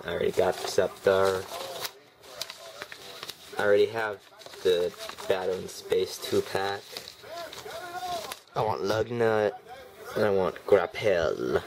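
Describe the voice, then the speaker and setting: Slow, grumbling man unboxing toys. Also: low voice, background noise. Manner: rambling, sarcastic, grumbles at packaging. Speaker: toy reviewer. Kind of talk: casual unboxing commentary. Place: home room with TV on behind. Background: TV and a snoring dog.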